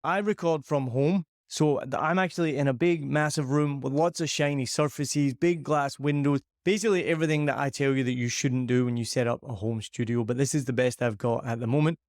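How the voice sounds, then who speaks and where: Fairly quick and with few pauses, a Scottish podcast host with a medium-pitched, slightly mellow voice reviews a microphone in a chatty, upbeat, self-deprecating style. The recording is dry and studio quality. He uses a dynamic microphone on a boom arm in a big empty living room with shiny surfaces.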